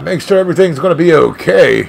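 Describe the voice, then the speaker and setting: A man giving live play-by-play of his own video game as a channel host, swinging between shouts and dejected muttering. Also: a little high, lively intonation, fast, vocal fry, slight background noise. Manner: mild swearing, "freaking" and "dang it" catchphrases.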